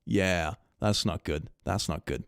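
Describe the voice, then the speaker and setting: A young man streaming from home, reading fan memes aloud and reacting in an animated, giggly way that swings between hushed and excited. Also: sits low, measured pace, gravelly, smooth, dry recording, clean studio sound. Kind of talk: casual livestream chat.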